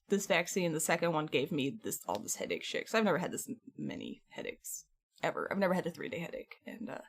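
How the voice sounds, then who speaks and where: A woman's voice: medium pitch, creaky, fairly bright tone. A young woman streaming from home, chatting casually and answering her live chat as she goes. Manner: chatty, reads and answers chat messages, rambling.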